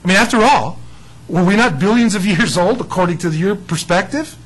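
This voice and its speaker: High-voiced man teaching the Bible. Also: expressive, a little fast, slightly rough, poor audio. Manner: chatty, digressive, often trails off quietly.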